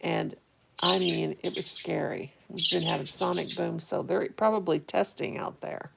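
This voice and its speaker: A woman's voice: fairly low pitch, moderate pace, gravelly, heavy background noise. A woman hosting a casual home vlog, chatting in a rambling, easily amused way while sitting by a window. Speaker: vlog host. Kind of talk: casual chat to viewers.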